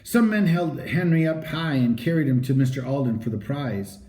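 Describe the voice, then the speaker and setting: Man, storybook narrator, animated read-aloud, swinging pitch, mellow, echoey room. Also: moderate pace. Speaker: audiobook reader. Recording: roomy echo.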